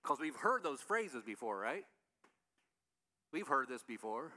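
A man preaching a sermon in a relaxed, conversational way, often asking the congregation questions. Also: mid-range voice, measured pace, pauses often. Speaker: pastor.

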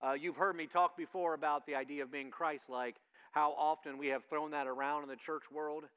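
A man with a fairly high, bright, ringing voice delivers a sermon as pastor. He keeps it conversational and keeps questioning the congregation. He acts out the people he quotes with loud shouts. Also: fairly even intonation, moderate pace, clean tone.

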